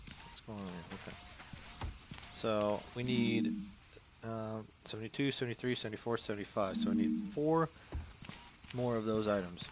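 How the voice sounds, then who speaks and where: A man's voice: on the low side, normal speed, pauses often, noisy background. A man doing casual let's-play commentary, joking, rambling and reading in-game notes aloud. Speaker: gameplay commentator.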